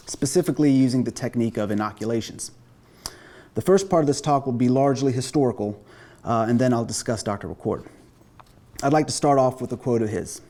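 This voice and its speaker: Male lecturer, mellow timbre, measured delivery, lots of "uh"s. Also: mid-range voice. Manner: measured, self-deprecating, frequent "uh" fillers. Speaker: lecturer, pathologist. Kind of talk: academic lecture.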